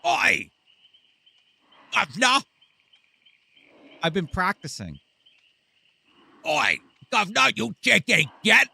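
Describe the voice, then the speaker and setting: A man's voice: high voice, animated, a little slow, bright, forceful tone, pitched above the performer's own voice, heavily acted. A man putting on a prim, posh lady killer. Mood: mock British. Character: posh self-important female killer.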